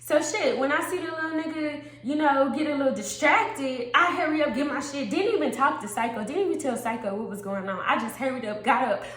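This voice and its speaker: Woman, storytime vlog, animated and profane, fairly high voice, echoey room. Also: brisk, hardly any pauses. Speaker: storytime vlogger. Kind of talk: casual storytime monologue.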